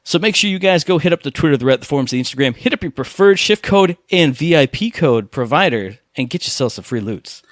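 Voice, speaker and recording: A man co-hosting a gaming podcast, chatting casually and rambling excitedly through stories. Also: fairly high pitch, fast, hardly any pauses, no echo, studio quality. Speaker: podcast co-host.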